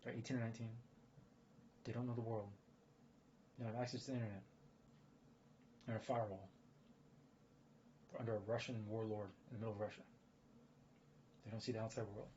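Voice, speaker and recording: A man's voice: on the low side, flat delivery, fairly quick, long pauses, a little mellow. A man giving rambling casual commentary, full of fillers and restarts. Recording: dull lo-fi audio with faint noise.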